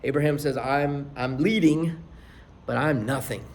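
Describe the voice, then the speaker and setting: A man's voice: mid-range voice, unhurried, a little mellow. A male pastor delivering a sermon, reading scripture with rising force and dropping to near whispers for emphasis. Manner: emphatic preaching that rises for scripture quotes and drops to near whispers.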